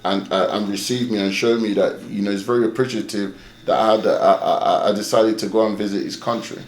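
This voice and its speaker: A young man from London with a London accent, a guest telling animated stories in a casual interview. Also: on the low side, a little fast, roomy sound. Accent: London English. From London, England. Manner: animated storyteller, acts out quoted voices.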